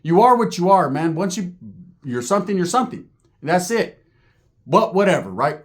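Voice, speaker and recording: Middle-aged guy spinning a rough street story, swearing a lot, a bit high-voiced, does everybody's voices. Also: moderate pace. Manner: profane, animated, acts out quoted people. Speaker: storyteller guest. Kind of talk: casual storytelling.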